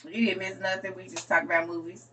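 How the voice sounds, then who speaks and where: A woman chatting casually with her viewers, sassy and drawn-out, tossing in honey and baby. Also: fairly low pitch, little pitch movement, fairly bright tone, far from the mic, slight background noise. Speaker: streamer.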